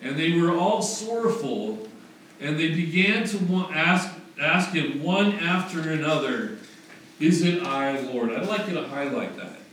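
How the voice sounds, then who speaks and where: A man's voice: fairly high pitch, animated, measured pace, a bit bright. A man preaching a conversational sermon, correcting himself as he goes and building to emphatic rhetorical questions. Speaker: pastor. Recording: very echoey room, distant mic, faint noise.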